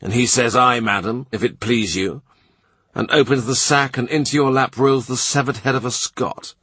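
A man's voice: medium pitch, fairly even intonation, normal speed, a bit bright, breathy edge, no echo. A man voicing a wry, witty middle-aged court official who teases in a dry manner. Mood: wry, teasing. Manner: dry, teasing storyteller.

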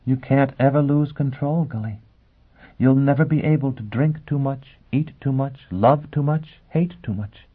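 Female role, young, icy and scornful, quiet deliberate delivery, male reader puts her on, phone-line tone. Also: mid-range voice, breathy edge, pitched above the performer's own voice. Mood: cold, quiet. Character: tense, scornful young woman, icy then hysterical. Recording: tinny phone-like sound.

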